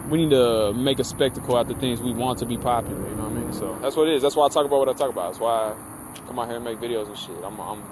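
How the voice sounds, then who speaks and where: A man's voice: medium pitch, rapid-fire, background noise. A man ranting casually to camera in a vlog, profane, slangy and rambling. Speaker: vlogger.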